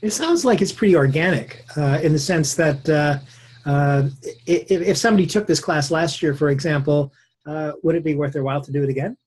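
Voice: mid-range voice, brisk, darkish tone, breathy edge. An interviewer asking questions and affirming the guest, with many fillers. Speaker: interviewer, host. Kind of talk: conversational interview.

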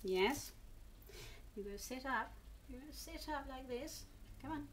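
Slow-talking woman cooing at her cat. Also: high-pitched, slight background noise. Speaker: pet owner filming her cat. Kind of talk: coaxing talk to a pet.

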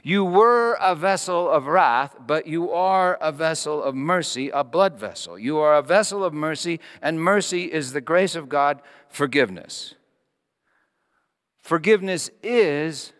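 A man preaches with fervor, his fairly high voice climbing to loud emphatic peaks and then dropping to hushed lines. His words ring out with a long reverb, as in a large hall. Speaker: pastor. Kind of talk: sermon with a told story.

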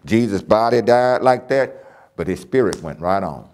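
A man's voice: fairly low pitch, animated, moderate pace, darkish tone. A man teaching a church Bible lesson, emphatic and repeating key phrases as he reads scripture aloud.

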